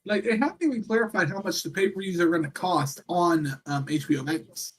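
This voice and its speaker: A man co-hosting a laid-back chat about wrestling, his voice sitting a bit higher than most. He rambles from thought to thought and leans on a steady stream of fillers. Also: brisk. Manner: rambling, filler-heavy, chatty. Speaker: co-host. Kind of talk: casual chat.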